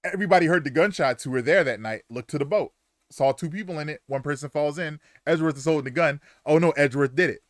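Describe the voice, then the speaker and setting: A young man streams a game live, chatting casually and crudely and retelling what happened with lots of animation. His voice is a little high and quick, recorded with clean studio sound and no echo.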